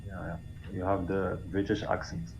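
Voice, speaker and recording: A man on voice chat speaking halting, broken English full of fillers. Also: low-pitched, level tone, darkish tone, slight background noise. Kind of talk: casual voice-chat banter.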